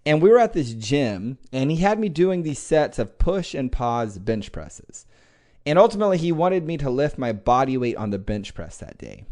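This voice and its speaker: A man hosting a podcast, telling a motivational personal story in a lively, conversational way with casual swearing. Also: mid-range voice. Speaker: podcast host.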